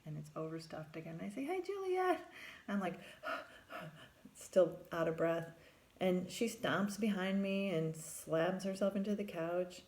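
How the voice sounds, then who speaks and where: Woman, middle-aged, gravelly low voice, storytelling, voices her own lines higher, whispers her private thoughts. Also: a little mellow. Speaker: therapist. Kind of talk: first-person storytelling.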